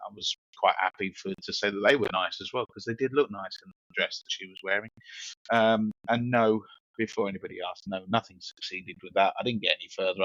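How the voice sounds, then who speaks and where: London bloke, lowish voice, rambling cheeky podcast story, dry dull mic. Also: male voice, a bit bright, no echo. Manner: rambling anecdote with frequent restarts, laughing and cheeky. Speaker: podcast co-host. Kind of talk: casual storytelling chat.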